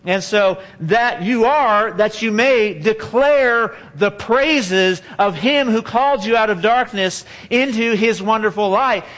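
High-voiced man preaching conversationally. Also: slow, hardly any pauses, a bit bright. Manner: conversational, repeats and restarts phrases, joking asides. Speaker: pastor. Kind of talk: sermon. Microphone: handheld or stage microphone.

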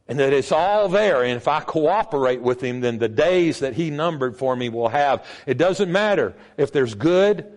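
An older man preaching a sermon as pastor, emphatic, with sudden jumps in pitch and volume. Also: animated, moderate pace, hardly any pauses.

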